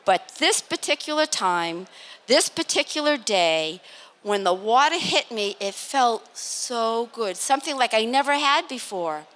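An older woman from Massachusetts speaks as a panel guest at a live event, spinning a story with lots of laughter and acted-out quotes. Her voice sits high and sounds bright and forceful. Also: unhurried. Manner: animated, laughing, acts out quotes. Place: live expo stage.

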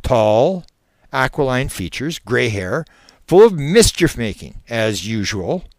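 A man voicing a terrified man under regression hypnosis, a former preacher, with shrill panicked outbursts. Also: sing-song, slow, dry recording, clean studio sound. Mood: wry relief.

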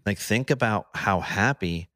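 Low-voiced dad talking kids' cartoons. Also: male voice, measured pace, pushed and bright, no room sound. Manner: enthusiastic, retells a cartoon episode in detail. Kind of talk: casual chat.

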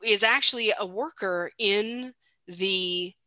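A woman's voice: mid-range voice, slow, sharp tone, dry recording. A woman co-hosting a podcast, retelling a film's story in a chatty way, full of fillers. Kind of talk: casual film recap chat.

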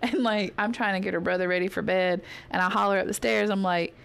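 Chatty woman co-host, mid-pitched voice. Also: fast talker, creaky, clean tone. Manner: animated, acts out family dialogue. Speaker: podcast co-host. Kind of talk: casual chat.

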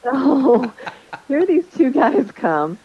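A woman in casual chat, telling her own hosting stories in a lively way and acting out the lines of the people in them. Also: high voice, extremely slow, husky, dull audio. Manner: animated storyteller, acts out quotes. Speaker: Airbnb host sharing stories.

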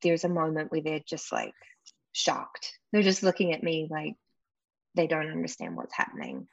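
A woman's voice: sits low, wildly swooping pitch, a little fast, gravelly, dry recording, highs cut off. A woman from New Zealand with a New Zealand accent, a guest actress chatting candidly in an interview and laughing often. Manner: candid, laughs often, acts out quoted people. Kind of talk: casual interview chat.

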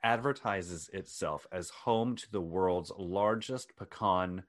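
Male podcast co-host, a fairly low voice, dry and wry delivery. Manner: dry, wry storytelling with deliberate emphasis. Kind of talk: casual chat.

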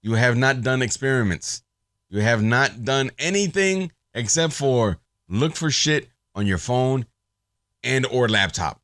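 A man hosting his own podcast, ranting in a sarcastic, profane, animated monologue. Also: mid-range voice, unhurried, no echo, studio quality. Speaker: podcast host.

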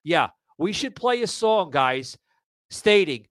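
A man's voice: sits high, sing-song, slow pace, no room sound. A man hosting a political talk show, ranting heatedly, swearing a lot and stumbling over repeated restarts. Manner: swears a lot, stammering restarts, gets fired up. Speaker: podcast host. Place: live audio room broadcast.

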